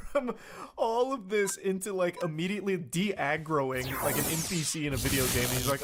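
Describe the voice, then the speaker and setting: A man's voice: fairly high pitch, a little slow, pauses often, noisy background. A man doing reaction commentary, reading text messages aloud in a sarcastic, incredulous way and swearing freely. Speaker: online commentator.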